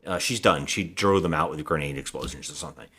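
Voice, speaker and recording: A man's voice: very deep voice, quick pace, fairly bright tone, breathy edge. A man co-hosting a podcast, casually recapping a movie plot in a rambling way, acting out quotes and swearing. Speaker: podcast co-host.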